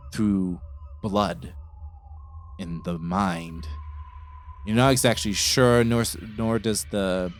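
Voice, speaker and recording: Deep-voiced man running a tabletop game. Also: slight background noise. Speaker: game master.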